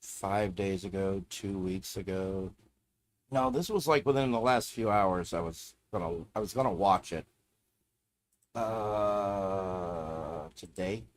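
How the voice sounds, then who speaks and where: Browsing videos on a live stream, a man mutters and rants to himself, swearing in a casual, irritated way. His voice is low-pitched and slow, with a little hiss or hum in the recording.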